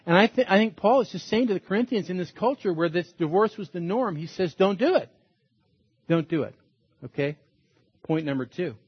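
A man's voice: a little high, breathy edge, no room sound, muffled recording. A man preaching a sermon as a pastor, earnest and emphatic, repeating his points.

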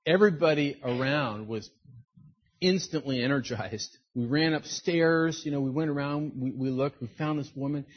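A middle-aged man preaching a sermon, telling personal stories in an animated way and acting out the voices of the people in them. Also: fairly high pitch, moderate pace, highs cut off. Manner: storytelling, animated, acts out quoted voices. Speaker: pastor.

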